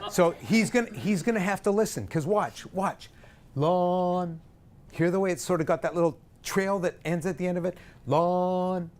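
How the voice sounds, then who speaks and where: A middle-aged choir director in a rehearsal room, coaching his singers and singing short demo notes. His speaking voice sits a bit high for a man. A faint hiss runs under the recording. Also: fairly quick, hardly any pauses. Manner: coaching, demonstrates sung pitches and vowels. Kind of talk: vocal warm-up lesson.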